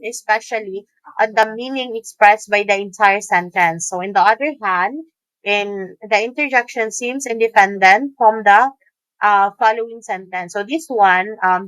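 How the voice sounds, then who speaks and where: A woman's voice: mid-range voice, fairly bright tone, smooth, dry recording, poor audio. A woman with a Filipino accent teaching a grammar lesson, explaining step by step with frequent ums and restarts. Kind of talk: recorded grammar lecture.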